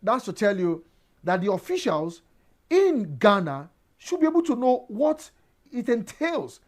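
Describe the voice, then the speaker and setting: A woman's voice: mid-range voice, sing-song, darkish tone. A woman from Nigeria, hosting a sports news review and reading results with many "uh" fillers and frequent "now". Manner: halting delivery full of "uh" fillers, starts sentences with "now". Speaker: sports show host.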